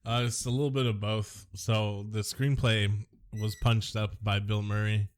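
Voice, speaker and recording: Joking low-voiced man on a movie podcast. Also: little pitch movement, measured pace. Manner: jokey, rambling, silly impressions. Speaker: podcast co-host. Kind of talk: casual movie podcast chat.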